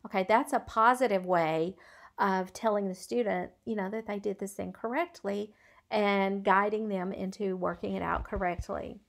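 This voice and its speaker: A woman's voice: mid-range voice, steady tone, normal speed, vocal fry. A middle-aged woman and former schoolteacher giving a recorded video lecture in an earnest, conversational way, with frequent ums and uhs. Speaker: college instructor, former schoolteacher.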